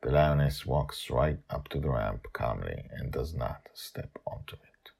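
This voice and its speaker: An older man narrating a story in a lively, animated way and hosting his own show. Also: very deep voice, a little slow, vocal fry, breathy edge. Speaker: storyteller and podcast host.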